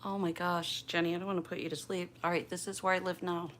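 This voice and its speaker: A fast-talking older woman from Bristol, Pennsylvania, hosts a casual livestream at home, her lowish voice fairly bright with little pitch movement. She keeps her voice down as she chats with viewers by name, and there's slight background noise.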